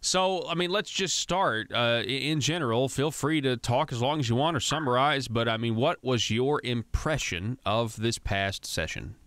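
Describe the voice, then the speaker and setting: A man's voice: medium pitch, normal speed, few pauses, a bit bright, no room sound. A man hosting a radio talk show, asking loose, casual questions full of fillers. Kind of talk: radio interview.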